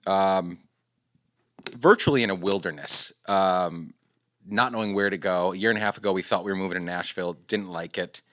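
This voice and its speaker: Man, very low voice, podcast co-host, candid, casual chat. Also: a bit bright. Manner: candid and personal, trailing restarts.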